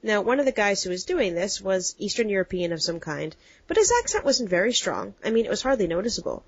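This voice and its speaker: An American woman chatting on a podcast, wandering through long anecdotes and slipping into the voices of people in her stories. Her voice sits at a middle pitch. The recording is dull and lo-fi, with a dry, close sound. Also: sing-song, fast talker, breathy edge, no echo. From United States. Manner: rambling storyteller, acts out quotes. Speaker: podcast co-host. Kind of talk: casual chat.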